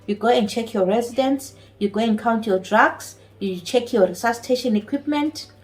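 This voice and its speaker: A woman's voice: on the high side, moderate pace, darkish tone, poor audio. A woman with a non-native English accent, a care home nurse speaking earnestly and emphatically in a personal vlog. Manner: earnest, emphatic, repeats key phrases. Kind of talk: personal vlog talk to camera.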